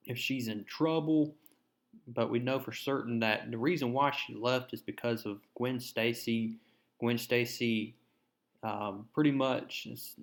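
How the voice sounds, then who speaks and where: A man casually recapping a comic book's story, talking loosely with ums and restarts. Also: mid-range voice. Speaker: comic book reviewer.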